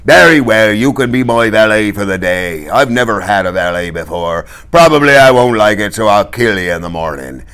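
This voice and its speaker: A man voicing an older pirate captain who speaks briskly and commandingly. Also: fairly low pitch, animated, a bit bright, smooth. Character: jovial older male pirate captain, blunt.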